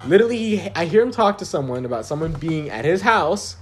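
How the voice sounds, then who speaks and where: A man's voice: fairly high pitch, big pitch swings, brisk, slight background noise. A young man in casual chat, telling a profane, ranting story and laughing often.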